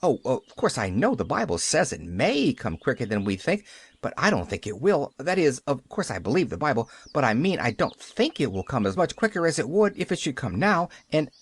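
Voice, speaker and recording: A man's voice: medium pitch, very animated, fairly quick, breathy edge. A man reading an audiobook, voicing a cheerful, chattering eleven-year-old orphan girl who rambles eagerly. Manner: eager, rambling, breathless reasoning. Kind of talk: audiobook character voice.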